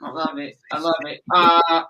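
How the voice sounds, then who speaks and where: Bright-voiced woman talk show host. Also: sits low, flat delivery, normal speed, lo-fi sound. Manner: brief, affirming interjections.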